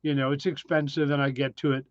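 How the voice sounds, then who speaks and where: A man's voice: mid-range voice, little pitch movement, fast, no echo, dull audio. A man hosting a casual live stream from his cabin, chatting and answering viewer comments with lots of ums. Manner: chatty, reads viewer names, frequent ums. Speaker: live-stream host reading chat. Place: tiny desert cabin, indoors.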